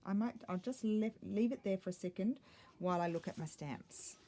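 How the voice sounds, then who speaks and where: A woman's voice: medium pitch, normal speed, dark tone. A middle-aged woman chatting casually while she crafts, thinking aloud and muttering little asides to herself. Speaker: craft vlogger.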